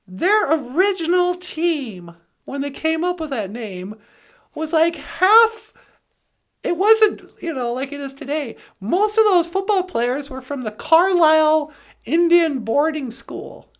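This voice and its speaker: A woman delivering a comedic rant in a sarcastic, mocking way, laughing often. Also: high-pitched. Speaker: comedic commentator.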